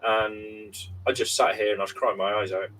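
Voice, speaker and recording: Heard on a slightly distant mic with faint background noise, a man in his forties from the United Kingdom co-hosts a podcast. His lowish voice is steady and fairly bright, moving at normal speed as he chats casually and tells meandering, sincere stories full of fillers.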